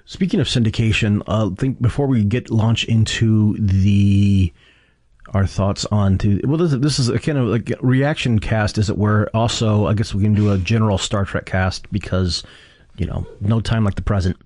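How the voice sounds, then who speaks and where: Man, low voice, mellow, halting, podcast host, dry close sound. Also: no echo. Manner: halting, full of restarts. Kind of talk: casual chat.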